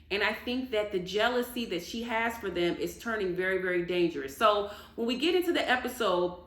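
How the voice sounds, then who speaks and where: A woman giving casual reaction commentary on a reality show, animated and indignant as she rants. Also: mid-range voice. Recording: echoey room.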